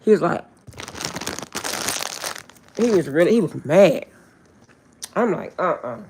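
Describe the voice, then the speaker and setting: An older woman hosting a casual livestream from her phone, telling stories in a chatty, animated way. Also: on the low side, breathy edge. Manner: chatty, animated storytelling, drawn-out asides. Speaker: livestream host.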